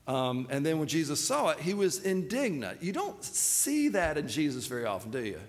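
A man's voice: on the high side, huge pitch swings, moderate pace, in a large hall. A man preaching a sermon in a loose, conversational way, with fillers and restarts. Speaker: pastor.

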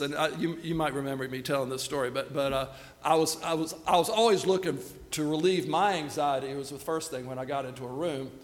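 Man, middle-aged, raised voice, preaching with a long hall echo. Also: on the high side. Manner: self-deprecating, animated storytelling. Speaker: pastor. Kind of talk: sermon storytelling.

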